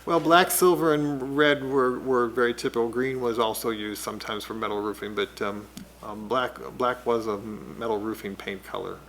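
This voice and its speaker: A man on city staff giving a report at a public commission meeting, talking haltingly with many pauses and fillers. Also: mid-range voice, steady tone, a bit bright, a little hiss or hum, rough recording. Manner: hesitant, many ums and restarts. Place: council meeting room.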